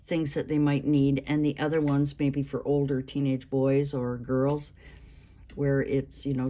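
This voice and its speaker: A woman in her sixties hosting a craft vlog, talking in a rambling, halting way with many restarts. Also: extremely low pitch, mellow. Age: 60s. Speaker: craft channel host. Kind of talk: casual show-and-tell vlog.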